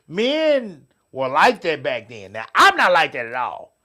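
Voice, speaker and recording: A middle-aged man co-hosting a casual show, swearing freely and swinging between loud outbursts and quiet asides. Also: on the high side, wildly swooping pitch, unhurried. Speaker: podcast co-host. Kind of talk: casual chat with listeners.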